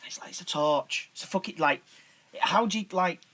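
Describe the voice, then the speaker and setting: Bloke, slightly high, bright voice, sweary and rambling. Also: male voice, normal speed. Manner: swearing, filler-heavy, restarts. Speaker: podcast co-host. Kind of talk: casual chat.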